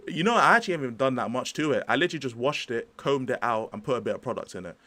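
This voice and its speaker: A young man hosts a casual football livestream. He rambles in a chatty, slangy way and keeps cutting in with asides to his chat. His voice sits at an ordinary middle pitch. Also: animated, rapid-fire, sharp tone. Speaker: livestream host.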